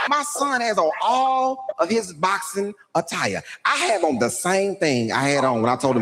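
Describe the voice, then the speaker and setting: A man's voice: a little high, normal speed, hardly any pauses. A middle-aged man telling a comic story about his son, boastful and acting out every line of dialogue. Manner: boastful, animated, acts out dialogue. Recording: noticeable background noise.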